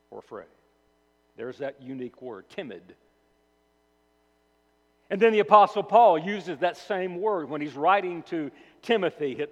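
A male pastor delivers a sermon in a church sanctuary, his slightly high voice rising for emphasis and dropping to near-whispers on key words. His delivery is animated and theatrical. The sound carries a long hall reverb from a distant microphone. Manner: dramatic swings between loud emphasis and hushed low words.

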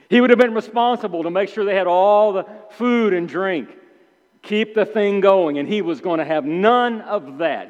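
A man preaching a sermon in an animated way, acting out the characters' complaints with sudden emphatic outbursts. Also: sits high, unhurried. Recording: dull sound with long hall reverb.

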